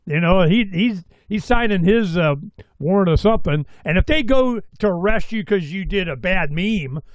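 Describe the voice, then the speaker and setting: A man's voice: high-pitched, expressive, normal speed, no echo, poor audio. A man hosting a talk show, chatting loosely and rambling through his questions. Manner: rambling, loose, with many restarts. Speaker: host. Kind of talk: casual chat.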